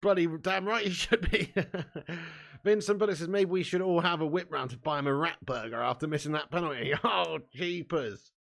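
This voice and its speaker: A man's voice: fairly high pitch, normal speed, vocal fry. A young man hosting a live football watch-along stream, commentating with swearing and banter while reading out chat messages. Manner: sweary, banter-heavy, swings from glum muttering to shouting and laughing.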